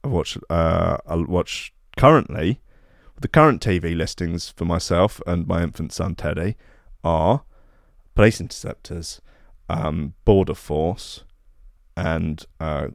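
A man's voice: low voice, gravelly, no room sound, studio quality. Sarcastic man, mock outrage. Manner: deadpan mock outrage, lots of fillers. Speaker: comedy podcast host. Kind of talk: sarcastic comic commentary.

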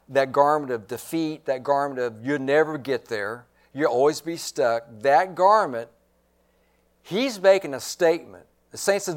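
Male pastor, high voice, unhurried emphatic sermon delivery with repetition. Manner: emphatic preaching, repeats phrases.

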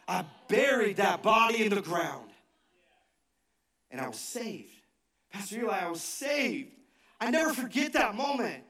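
Male pastor, high-pitched preaching voice, shouting for emphasis then dropping to hushed asides, picked up from a distance in an echoey hall. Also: big pitch swings, normal speed. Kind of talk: sermon.

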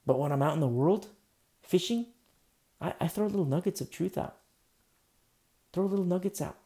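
Male pastor, casual rambling sermon, gravelly and mellow. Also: high-pitched, normal speed. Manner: casual, rambling, many fillers and restarts. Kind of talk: conversational sermon.

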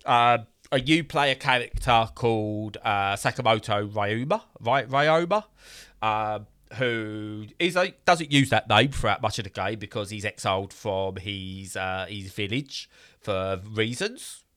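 A man's voice: lowish voice, a little slow, a bit bright, clean tone. A man casually reviewing a game in a podcast chat, rambling with fillers and bursts of exasperation.

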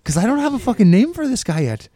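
A man putting on a brash Irish persona, talking in a high, boisterous way and swearing freely. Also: big pitch swings, fast talker, dark tone. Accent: Irish, put on. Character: a brash put-on Irishman, a grown man who has not settled on a name.

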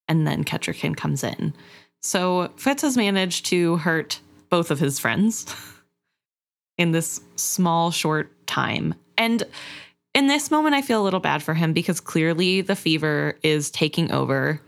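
Woman talking about a book, lowish voice, thoughtful, kinda sympathetic. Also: expressive, unhurried, vocal fry. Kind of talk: book discussion.

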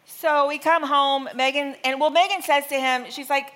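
A woman in her thirties preaching a sermon, telling a family story with lively, exaggerated re-enactments. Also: sits high, normal speed, slight background noise.

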